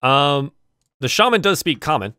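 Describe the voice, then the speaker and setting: A man narrating as game master of a tabletop game, speaking haltingly with frequent restarts. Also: fairly high pitch, big pitch swings, pushed and bright, clean tone, dry recording, studio quality.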